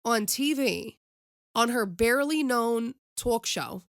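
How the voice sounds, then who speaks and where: A woman's voice: fairly high pitch, expressive, slow pace, fairly bright tone, no echo, clean studio sound. A young woman hosting her own podcast, giving passionate opinionated commentary and speaking straight to her listeners. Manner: impassioned, preachy, addresses listeners directly. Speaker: podcast host.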